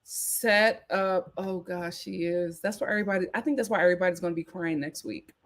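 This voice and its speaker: A woman hosting a live reality TV recap, chatting in an animated, gossipy way. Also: lowish voice, fast talker. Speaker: host.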